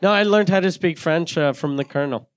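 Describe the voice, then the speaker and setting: A man from Kentucky in a casual podcast chat, joking in a flat, detached, deadpan manner. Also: a little high, fairly quick, clear, resonant tone, dry recording.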